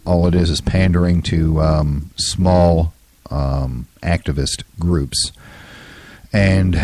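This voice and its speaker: A man in his fifties with a hoarse, scratchy throat talks with a very deep, husky voice. He hosts a solo talk show in an opinionated, rambling way, full of ums and uhs. The recording is dry and close. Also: darkish tone, no echo. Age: 50s. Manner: opinionated, rambling with many fillers. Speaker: podcast host.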